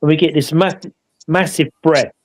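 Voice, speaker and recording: A man tells a story in a loose, rambling way and keeps checking for agreement with tag questions. His voice sits a little higher than most men's. He sounds like an easygoing co-host chatting on a live show. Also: fairly even intonation, moderate pace, poor audio. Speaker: paranormal investigator co-hosting a live show. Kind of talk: casual anecdotal storytelling.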